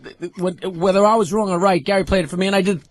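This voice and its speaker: A man on a radio show defending himself in rushed protests while he is being teased. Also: high-pitched, fairly even intonation. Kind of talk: on-air studio argument.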